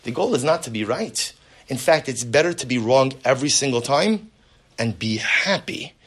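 A man's voice: medium pitch, lively intonation, moderate pace, a bit bright, slightly rough. A man, likely a rabbi, giving a spoken lecture on marriage, earnest and fond of rhetorical questions and repeated words.

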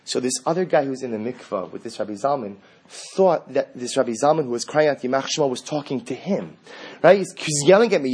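Husky-voiced rabbi giving a sermon. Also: male voice, animated, fast talker, a little mellow. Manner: reads Hebrew sources, then explains them in English; rises sharply in pitch and volume when acting out quotes. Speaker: rabbi teaching Torah.

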